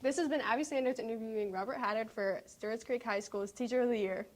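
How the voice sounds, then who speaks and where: A woman's voice: a little high, quick pace, few pauses. A teenage girl hosting a student news show, asking interview questions and reading school announcements in an upbeat way.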